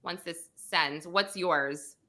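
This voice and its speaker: A woman's voice: lowish voice, takes it slowly, bright, forceful tone. A woman hosting a podcast, chatting casually over a video call with many fillers. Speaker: podcast host.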